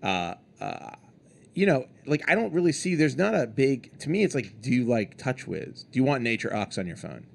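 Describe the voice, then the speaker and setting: A man co-hosting a casual tech podcast, rambling and animated, often mimicking presenters for laughs. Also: mid-range voice, moderate pace, vocal fry. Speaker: podcast co-host.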